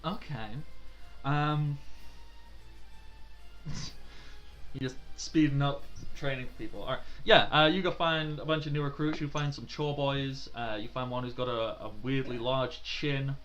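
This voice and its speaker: Chatty male game master, bright voice. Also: mid-range voice, steady tone, measured pace, long pauses, dull audio, soft background music. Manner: chatty, laughs often, many fillers. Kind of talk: narrating a tabletop game.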